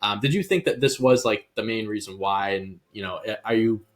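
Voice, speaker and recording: A man's voice: fairly low pitch, normal speed. A man co-hosting a sports podcast, talking casually and bluntly, often restarting his sentences. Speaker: podcast co-host.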